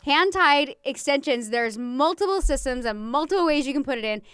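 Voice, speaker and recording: A woman's voice: sits high, expressive, normal speed, fairly bright tone, no echo, studio quality. A young adult woman hosting a casual podcast, a hairstylist who talks candidly, swears freely and pokes fun at herself.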